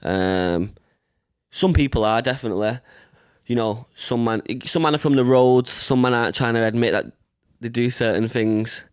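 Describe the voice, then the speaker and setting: A man's voice: mid-range voice, normal speed, smooth, no echo, clean studio sound. A man in his early twenties with a Manchester accent, a rapper talking as a guest in a casual interview, laid-back and rambling, full of slang and fillers. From Manchester, England. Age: 20s.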